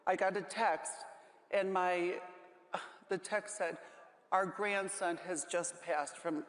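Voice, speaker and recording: A woman speaking as a panel guest, halting and holding back tears. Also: mid-range voice. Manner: halting, with many restarts. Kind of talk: emotional panel talk. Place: large conference hall. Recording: echoey hall with long reverb.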